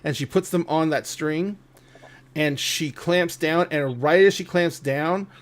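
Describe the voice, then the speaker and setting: A man narrating a tabletop game as game master, thoughtful and unhurried. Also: on the high side. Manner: slow, thoughtful, with restarts.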